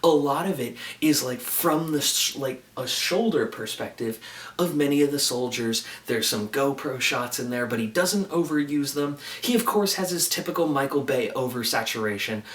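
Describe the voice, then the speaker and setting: Man, casual film reviewer, earnest and eager, mid-pitched, roomy distant sound. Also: animated, normal speed, a bit bright. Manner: earnest and enthusiastic, with frequent "like" fillers. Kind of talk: casual movie review monologue. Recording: roomy echo, distant from the mic.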